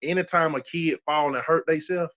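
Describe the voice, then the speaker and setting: A man's voice: a little high, steady tone, normal speed, a bit bright, dull audio. A man in his thirties telling his personal survival testimony as a podcast guest, emphatic and repeating key phrases for weight. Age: 30s.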